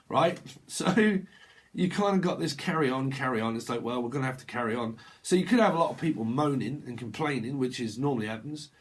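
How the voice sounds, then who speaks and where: This tarot reader, a man with a mid-range voice, meanders through a relaxed reading full of playful word associations, impersonating customers in rapid, goofy voices.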